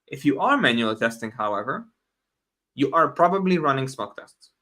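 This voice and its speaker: A man's voice: mid-range voice, lively intonation, moderate pace, pushed and bright. A man hosting a live talk, speaking casually with frequent restarts and asides, answering audience questions and laughing now and then. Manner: casual, self-correcting, laughs often, answers chat questions. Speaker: host. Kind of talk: live stream talk on software testing.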